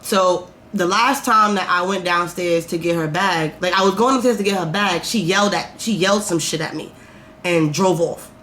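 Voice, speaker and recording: A woman's voice: fairly low pitch, moderate pace, a bit bright, slight background noise. A woman vlogger telling a story in a candid, profane, rambling way, full of fillers. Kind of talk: casual storytime.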